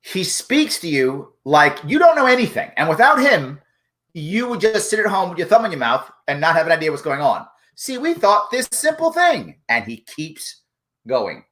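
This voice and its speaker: Brief: male host, sarcastic live commentary, lively and expressive intonation. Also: a little high, moderate pace. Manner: sarcastic, mocking. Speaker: show host. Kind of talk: live commentary on a news clip.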